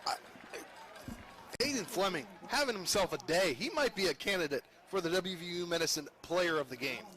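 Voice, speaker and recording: Wv color guy on football, highish voice, thoughtful, restarts a bit. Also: lively intonation, sharp tone. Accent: West Virginian. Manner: measured analysis with some restarts. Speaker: color commentator. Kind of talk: live sports color commentary.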